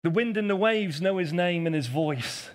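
A man with a fairly high, ringing voice preaches from the front of a church. He drills his key lines over and over, asks the congregation to answer back, and teases the people in the pews. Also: normal speed. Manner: emphatic and repetitive, drilling key phrases; addresses the congregation directly, calls for responses and teases members. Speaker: pastor. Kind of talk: preaching a live sermon.

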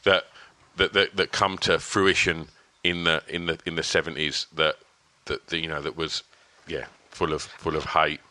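A man's voice: very deep voice, level tone, normal speed, hardly any pauses, sharp tone. A man hosting a podcast in a casual interview, speaking hesitantly with many restarts. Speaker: podcast host.

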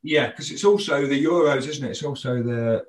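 A man's voice: medium pitch, normal speed. A man, a comedian, chatting casually on a podcast and laughing often. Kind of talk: casual chat.

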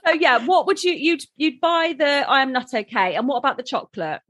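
A woman's voice: high-pitched, big pitch swings, a little fast, fairly bright tone, husky, no room sound, clean studio sound. A woman co-hosting a podcast, chatty and giggly in casual conversation. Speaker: podcast co-host. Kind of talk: casual chat.

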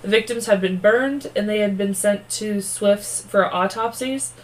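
A woman's voice: medium pitch, a little slow, low-quality recording. A woman co-hosting a true-crime podcast, reading the case aloud and breaking off with blunt, profane, snarky asides.

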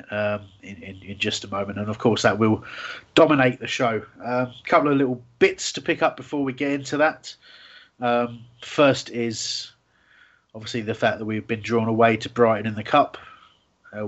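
A man's voice: mid-range voice, a bit bright. A man hosting a casual football fan radio show, rambling with lots of fillers and restarts. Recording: dull lo-fi sound.

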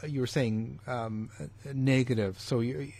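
A man interviewing a guest, asking halting, hesitant questions full of fillers. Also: medium pitch, fairly even intonation, creaky, a little mellow. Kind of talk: casual interview.

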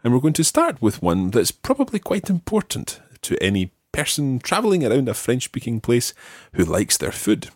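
A man hosting a podcast language lesson, patiently repeating words slowly for practice. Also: mid-range voice, wildly swooping pitch, no room sound, clean studio sound. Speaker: language teacher and podcast host.

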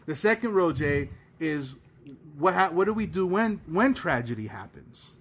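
A male podcast co-host who leads a casual faith discussion. He speaks in an animated way and chimes in with quick affirmations. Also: on the high side.

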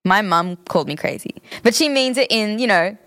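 A young woman in casual chat, chiming in with quick agreement and telling her own story. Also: medium pitch, animated, a bit bright, clean tone. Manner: supportive, quick agreeing interjections.

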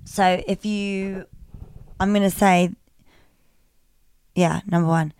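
A woman's voice: medium pitch, fairly even intonation, slow pace, darkish tone, clear, resonant tone. A woman co-hosting a comedy podcast, ranting crudely and swearing freely. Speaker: podcast co-host. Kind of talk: casual comedic chat.

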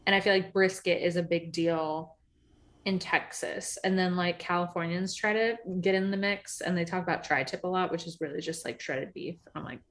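A woman's voice: fairly low pitch, steady tone, moderate pace, a bit bright. A woman in her thirties co-hosting a podcast, chatting casually and upbeat, with lots of fillers. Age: 30s. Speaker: podcast co-host. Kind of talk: casual chat. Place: podcast recording setup.

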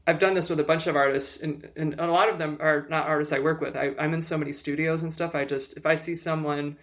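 A woman guest in an interview, telling personal stories in an animated way with lots of fillers and restarts. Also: low voice, fast talker. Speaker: guest, music publicist. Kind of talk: candid personal storytelling.

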